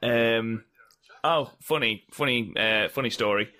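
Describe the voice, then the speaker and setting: Sarcastic bright-voiced man, thirty. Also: medium pitch, a little slow. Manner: sarcastic, joking. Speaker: podcast co-host. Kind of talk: casual chat watching wrestling.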